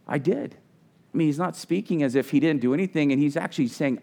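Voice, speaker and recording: A man's voice: a little high, expressive, moderate pace, darkish tone. Earnest man preaching a sermon. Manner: earnest, conversational preaching with frequent restarts. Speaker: pastor.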